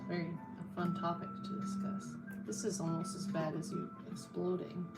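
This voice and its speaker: A woman's voice: on the low side, level tone, moderate pace. A woman co-hosting a livestream, reacting to the banter in a dry, reluctant way. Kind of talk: casual livestream chat. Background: music.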